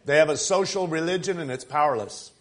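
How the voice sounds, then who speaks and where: A man preaching a sermon in a conversational yet emphatic way, building up to forceful points and dropping to quiet asides. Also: fairly high pitch, a little fast. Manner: emphatic, conversational preaching with rising and falling intensity.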